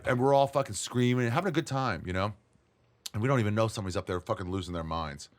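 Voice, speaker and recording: A man, a comedian guest, telling stories in casual chat, lively and laughing often as he acts out what others said. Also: fairly low pitch, very fast. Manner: animated storyteller, acts out quotes, laughs often. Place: tent.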